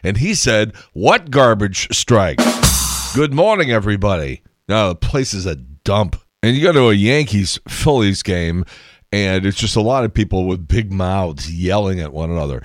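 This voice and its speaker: Dry-humored man telling stories, low voice. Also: very animated, normal speed, no room sound. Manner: chatty, wry storytelling with asides and laughs. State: tired. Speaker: podcast host. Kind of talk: casual solo podcast monologue.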